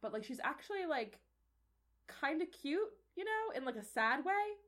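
A woman's voice: high voice, sing-song, normal speed, a bit bright. A woman narrating as game master in a loose, rambling way, full of fillers. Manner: rambling, filler-heavy, casual.

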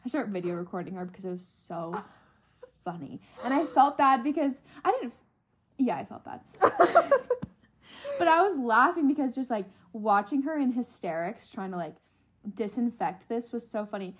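A woman's voice: fairly high pitch, animated, normal speed, slightly rough. A young woman co-hosting a podcast, telling a funny story in casual chat and laughing often. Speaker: podcast co-host.

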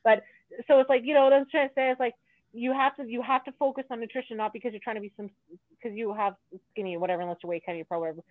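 A woman's voice: on the high side, fairly even intonation, very fast, no echo. A woman in casual chat, blunt and rambling, swearing freely as she talks. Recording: tinny phone-like sound.

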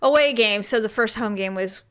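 A woman's voice: fairly high pitch, normal speed, fairly bright tone. Woman co-host, casual chat, teasing and playful, a bit stuffy. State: stuffy from allergies. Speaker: podcast co-host.

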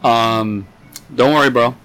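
A man's voice: medium pitch, steady tone, takes it slowly, fairly bright tone, poor audio. A young man co-hosting a podcast, rambling crude jokes and stories in casual chat. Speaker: podcast co-host.

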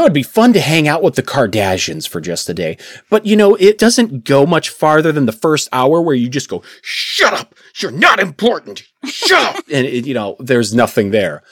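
Chatty man with a lively voice. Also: mid-range voice, no echo, clean studio sound. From Indiana, USA. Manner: chatty, laughs often between phrases. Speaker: voice actor guest. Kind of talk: casual interview chat.

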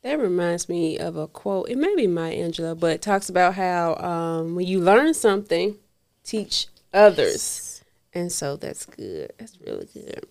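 A woman's voice: lowish voice, big pitch swings, measured pace, darkish tone. A woman co-hosting a podcast, affirming her guest and playfully introducing a game. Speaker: podcast co-host. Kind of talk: casual chat.

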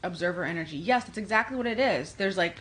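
Fast-talking New York woman reading tarot. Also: lowish voice, rough recording. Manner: fast-talking, energetic, reads comments aloud. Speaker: livestream host doing tarot readings. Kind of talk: casual livestream chat.

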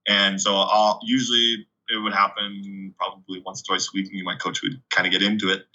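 A young man from Canada, a guest telling stories in a casual, chatty way, full of 'like' and animated retellings. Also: deep voice, brisk. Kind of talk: casual storytelling. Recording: dull lo-fi recording.

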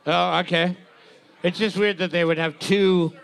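A man with a raised, gravelly voice talks slowly and loosely in a casual chat. He rambles through jokes and asides, drawing his words out. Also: high voice, steady tone, a bit bright. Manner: slow, rambling, counts numbers aloud while scoring.

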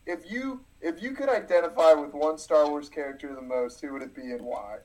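A man's voice: a little high, brisk, darkish tone, low-quality recording. A man co-hosting a podcast in casual comedic chat, tossing out quips and questions. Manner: joking, throws in quips and questions. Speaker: podcast co-host.

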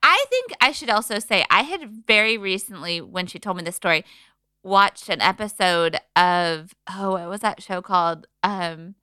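A young woman co-hosts a casual podcast in a chatty, teasing way. Her pitch swoops widely and her voice is bright and smooth. The sound is dry and close. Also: animated, moderate pace, no echo. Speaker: podcast co-host. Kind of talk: casual chat.

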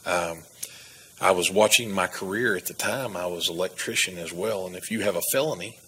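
A man's voice: low voice, a little fast, fairly bright tone, slight background noise, rough recording. A man from Texas, earnestly telling his personal testimony as a guest. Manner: earnest storytelling with laughs and restarts.

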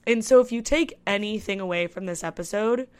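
A woman's voice: mid-range voice, brisk, darkish tone, clear, resonant tone. A woman in her twenties hosting a solo podcast, chatting candidly and telling a personal story with lots of "I was like" asides. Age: 20s. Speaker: podcast host. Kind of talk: casual solo podcast monologue.

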